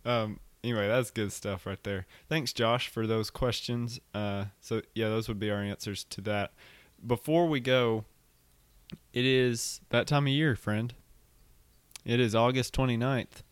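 A man's voice: medium pitch, clear, resonant tone, no room sound. A young man hosting a podcast in casual chat, playful and teasing. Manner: playful, teasing, quick to laugh. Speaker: podcast host.

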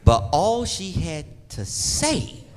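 Fervent, high-voiced preacher man. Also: wildly swooping pitch, takes it slowly, a crowd in the background. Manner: emphatic, folksy, repeats key phrases. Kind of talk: sermon.

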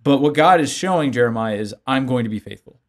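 A man's voice: mid-range voice, fast. Man teaching scripture with everyday examples. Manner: lively storytelling with everyday examples. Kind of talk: conversational Bible teaching.

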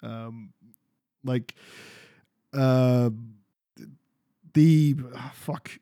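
A man's voice: mid-range voice, fairly even intonation, drawn-out words, dark tone, clear, resonant tone, dry recording, studio quality. A man chatting casually about video games as a podcast co-host, rambling and swearing freely. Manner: sweary, rambling, restarts a lot.

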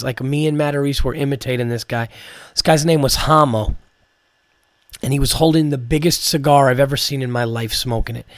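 A man's voice: medium pitch, no echo. A man, a comedian hosting a podcast, telling a rambling story full of swearing and "like" fillers. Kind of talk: casual storytelling.

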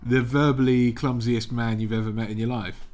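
A man's voice: mid-range voice, flat delivery, moderate pace, a little mellow, slight background noise. A man co-hosting a casual podcast over a video call, telling rambling anecdotes and swearing freely. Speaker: podcast co-host.

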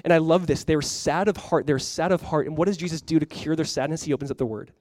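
A young male pastor preaching a sermon in a lively, conversational way, often dropping in "like" as he talks. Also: on the high side, fast, dry recording. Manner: animated, conversational preaching with frequent "like".

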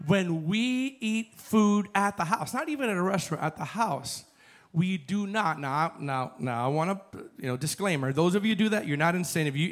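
Pastor, male, high voice, chatty sermon delivery that climbs into fervent calls. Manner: conversational, builds to fervent shouting.

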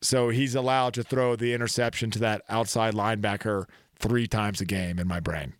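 A man co-hosting a podcast, chatting about football in a casual, animated way. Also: lowish voice, moderate pace, dry recording, studio quality. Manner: animated, does jokey voices in stories. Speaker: podcast co-host. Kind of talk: casual sports chat.

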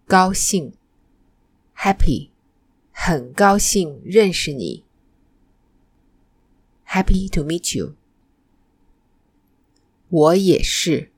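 A woman teaching a Mandarin lesson in a scripted narration, modeling example phrases slowly and carefully. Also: sits low, husky.

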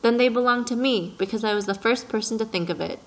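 A woman's voice: a little high, fast, lightly acted, poor audio. A fussy, self-important businessman speaks with precise, slightly raised force, as a woman reading an audiobook puts him on. He is peevish and pompous, a middle-aged man sure of his own importance.

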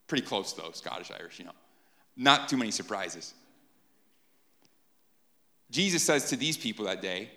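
A man preaching an animated sermon to a live congregation, often checking in with "right?". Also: on the low side, normal speed, pauses often. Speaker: pastor.

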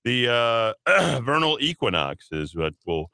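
A man's voice: mid-range voice, very animated, unhurried, gravelly, sharp tone, no room sound. Rambling man hosting talk radio. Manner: rambling, sardonic, many fillers and asides. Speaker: radio talk show host. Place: radio studio.

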